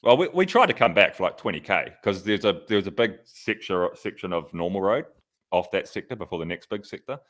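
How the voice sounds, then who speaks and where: Deep-voiced man telling a rambling story. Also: animated, fairly quick, a bit bright. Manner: rambling, swears freely, mimics others in a high voice. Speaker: podcast co-host, pro cyclist. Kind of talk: casual chat, anecdotes.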